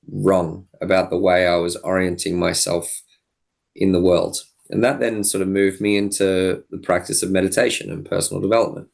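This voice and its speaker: A young man speaks as a podcast guest in a low register. His voice has a gravelly, creaky edge. He tells his story earnestly and thoughtfully, backing up to restart his phrases. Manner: earnest, thoughtful, with frequent restarts and quoted dialogue. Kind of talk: reflective storytelling in an interview.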